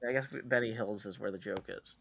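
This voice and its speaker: A man's voice: lowish voice, fairly quick, creaky, fairly bright tone, slight background noise. A man chatting casually on a live stream, rambling through stories with many fillers and restarts. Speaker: co-host on a stream. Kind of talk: casual chat.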